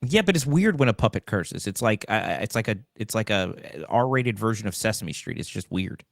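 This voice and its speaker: A male talk show host with a lively, swooping delivery, joking and slipping into mock voices as he banters. The sound is dry and close, with no room echo. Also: fairly low pitch, normal speed, gravelly. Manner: animated, jokey, mimics voices.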